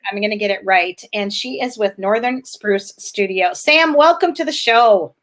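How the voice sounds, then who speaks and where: A woman hosting a casual interview, bubbly and animated, laughing at her own slips. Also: mid-range voice, moderate pace. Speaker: podcast host.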